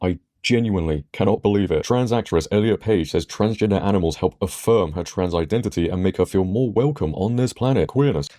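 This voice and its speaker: A man giving sarcastic, exasperated video commentary, his voice a bit hoarse. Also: low-pitched, a little fast, few pauses, dark tone, dry recording, studio quality. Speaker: commentary YouTuber.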